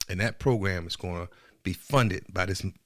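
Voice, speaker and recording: A man's voice: low voice, moderate pace, fairly bright tone, dry recording, studio quality. A man hosting a podcast, delivering a heated, profane political monologue that keeps building, with emphatic repeats. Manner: repetitive, emphatic. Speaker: podcast host.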